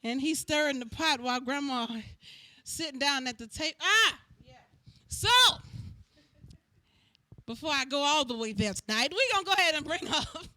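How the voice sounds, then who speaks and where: A woman's voice: high voice, normal speed, long pauses, bright, forceful tone, no room sound. A woman hosting a live cooking and singing show as its singing coach, chatting casually and calling the audience y'all.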